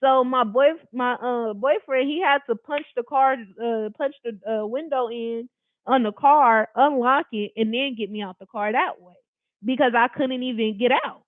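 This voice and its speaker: A woman's voice: on the high side, moderate pace, no room sound. A woman telling a personal story in a casual storytime style, blunt, emphatic and full of profanity. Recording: tinny phone-like dry recording.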